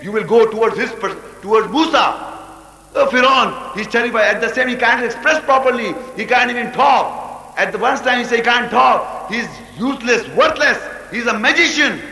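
A man teaching a scripture commentary with animated explanations, breaking into rapid chanted recitation, in an echoey hall. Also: extremely high pitch. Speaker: religious teacher.

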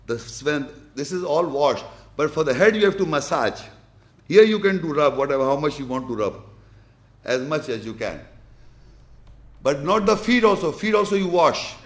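Male religious teacher with a high, gravelly voice, emphatic and repetitive as he demonstrates. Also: expressive, moderate pace. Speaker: Islamic teacher. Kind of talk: explanatory religious lesson with demonstration.

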